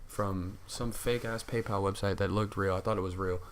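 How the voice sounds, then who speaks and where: A young man co-hosting a casual podcast, telling an animated story full of cussing and acting out what others said. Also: low-pitched, normal speed. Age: young adult. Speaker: podcast co-host. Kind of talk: casual chat.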